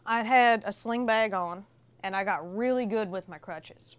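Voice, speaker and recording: A woman guest on a casual podcast, telling a story in a warm, animated way. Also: medium pitch, unhurried, smooth. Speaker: film festival organizer guest.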